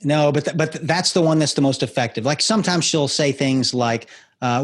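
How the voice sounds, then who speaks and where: A middle-aged man speaking as a guest on an interview show, explaining sales storytelling in a lively way and acting out the voices of the people in his stories. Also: fairly high pitch, fairly quick. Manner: animated storyteller who acts out quoted voices. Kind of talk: conversational interview.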